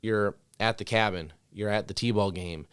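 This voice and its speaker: Low, smooth-voiced man telling stories. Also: measured pace, no echo. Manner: conversational, storytelling with many fillers. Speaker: podcast co-host, dog trainer. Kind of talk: casual podcast chat. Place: studio.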